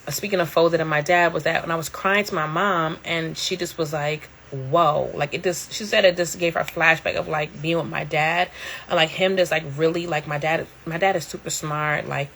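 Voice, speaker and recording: A woman's voice: deep voice, a bit bright. A middle-aged woman hosting a casual livestream from home, talking candidly in a slangy way and laughing often. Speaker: livestream host.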